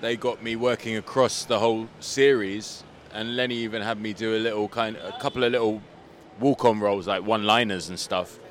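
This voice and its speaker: A man guest, a comedian and rapper, chatting in a casual interview outdoors and telling his story in a relaxed way, with plenty of "like" fillers. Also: on the low side, brisk, slight background noise. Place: outdoors on a street.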